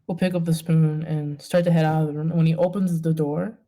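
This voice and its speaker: A woman narrating a tabletop game as game master, hesitant, with many pauses and fillers. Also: low voice, steady tone, warm tone.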